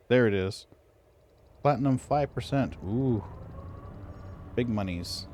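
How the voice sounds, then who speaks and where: A man's voice: mid-range voice, takes it slowly, long pauses, mellow, slight background noise. A man streaming a game, chatting in a laid-back way and muttering to himself between remarks. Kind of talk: casual chat while gaming.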